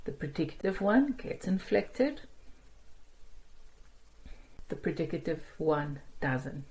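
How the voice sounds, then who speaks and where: A woman teaching a language lesson online, explaining grammar and sounding out example words slowly and carefully, with quick asides. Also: low voice, darkish tone, poor audio.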